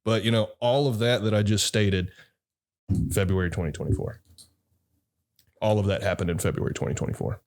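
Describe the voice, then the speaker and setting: A man's voice: lowish voice, a little fast, long pauses, a little mellow. A man who is a podcast guest, an actor and director, rambling through personal stories in a laid-back, profane way. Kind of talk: casual storytelling chat.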